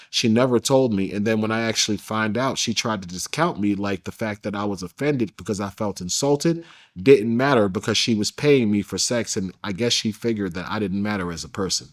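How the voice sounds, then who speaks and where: A man being interviewed, telling a personal story in a casual, emphatic way with plenty of slang. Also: on the low side. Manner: emphatic, slangy, addresses listener as bro. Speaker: interview guest.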